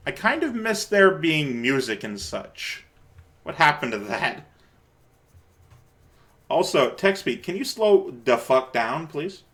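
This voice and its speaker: Man, let's play host, casual game commentary, playful, reads on-screen text aloud, mid-pitched voice. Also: a bit bright. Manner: playful and chatty, quick laughs, mild swearing.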